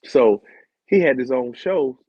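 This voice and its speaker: Animated husky man telling comic stories. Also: mid-range voice, measured pace, no room sound. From United States. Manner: animated, laughing, acts out dialogue. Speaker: guest, Olympic sprinter turned comedian. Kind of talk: comic storytelling. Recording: dull, dry audio.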